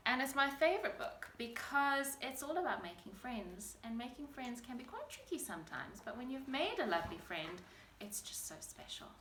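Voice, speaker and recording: A woman teacher reading a picture book aloud to young children in an expressive storytelling manner. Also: high-pitched, moderate pace, echoey room, slight background noise.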